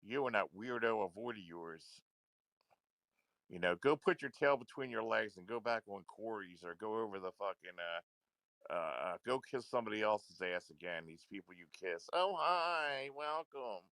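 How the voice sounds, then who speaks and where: A man's voice: fairly low pitch, moderate pace, a bit bright, dry recording. A man ranting into a livestream, confrontational and repetitive, swearing often. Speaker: livestream commentator.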